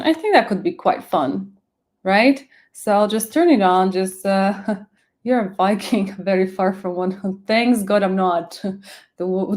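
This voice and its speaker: A woman from Slovakia with a Slovak accent chats casually on a live stream. She rambles, greets viewers by name and fills gaps with "um" and "uh". Her voice sits at an ordinary middle pitch. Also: darkish tone.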